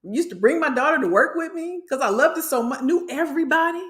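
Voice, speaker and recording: A woman's voice: sits high, very animated, fairly quick, few pauses, echoey room. A middle-aged woman from Illinois, a career coach talking passionately to her livestream viewers and calling them y'all. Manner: passionate, preachy, addresses the audience as y'all.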